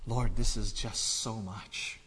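A male pastor preaching a sermon, moving from quiet reflection to loud, animated storytelling. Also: on the low side, slow, a little hiss or hum. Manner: builds from quiet musing to loud excited storytelling. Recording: echoey hall reverb.

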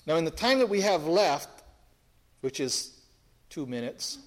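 A man's voice: a little high, sing-song, measured pace. A man preaching an expository sermon to a congregation, emphatic, often repeating phrases and restarting sentences.

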